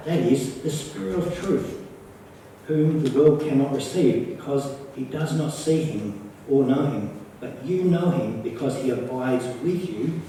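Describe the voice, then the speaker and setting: A man's voice: medium pitch, dark tone, slight background noise. Echoey Australian man preaching from afar. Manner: earnest, repeats key phrases for emphasis. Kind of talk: sermon. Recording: echoey, from far off the mic.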